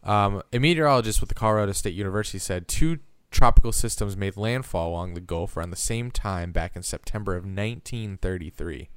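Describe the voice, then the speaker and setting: A young man co-hosting a podcast, reading news aloud and then breaking off into crude jokes. His voice sits fairly low, and the sound is close and dry. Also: fast talker, few pauses, clear, resonant tone, dry recording. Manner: crude, joking, reads news stories aloud with asides. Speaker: podcast co-host.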